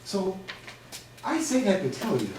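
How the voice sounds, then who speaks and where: A high-voiced middle-aged man from Oakland speaks to students. He tells his story with energy, acting out the dialogue and laughing often. He is recorded from a distance in an echoey room with steady background noise. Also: a little slow. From Oakland, California. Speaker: motivational speaker. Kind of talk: motivational talk to students. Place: school hall or classroom. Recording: echoey room, speaker far from camera, noisy.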